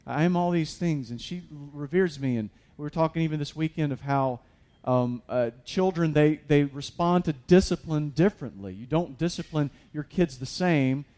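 A man's voice: on the high side, normal speed, few pauses, dark tone. A man preaching a sermon as a pastor, conversational with many fillers and restarts, building to emphatic peaks.

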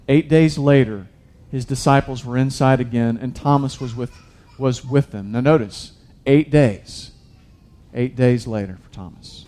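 A man's voice: mid-range voice, moderate pace, dark tone. A man preaching a sermon in a casual, conversational way, talking to the congregation directly and restarting his sentences often. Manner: conversational preaching, addresses listeners as guys, many restarts. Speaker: pastor.

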